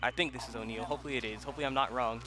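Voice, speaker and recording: A young man commentates a game from home in a bright, forceful voice. He rambles casually, then bursts into loud yells. A faint hiss sits behind his home mic. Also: medium pitch, steady tone, rapid-fire. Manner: rambling, with loud yelled outbursts. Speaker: gaming YouTuber. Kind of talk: let's play commentary. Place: home room.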